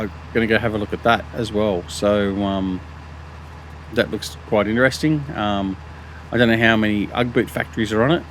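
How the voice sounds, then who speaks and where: A man's voice: on the low side, a little hiss or hum. A middle-aged man with an Australian accent, casually talking through a farming game as host, rambling with lots of ums and restarts and poking fun at himself. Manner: rambling, many ums and restarts, self-mocking. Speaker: gaming channel host. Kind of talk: casual gameplay commentary.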